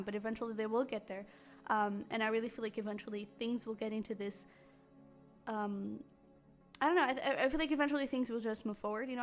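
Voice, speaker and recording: A woman doing a casual tarot reading to camera, talking in a rambling way full of fillers and restarts. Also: fairly high pitch. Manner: chatty, lots of fillers and restarts. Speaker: tarot reader.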